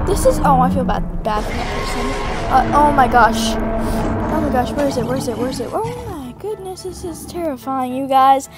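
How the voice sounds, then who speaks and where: A woman giving casual commentary over a horror game, excitable and easily startled, repeating her exclamations over and over. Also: sits high, brisk, over loud music. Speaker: gameplay commentator.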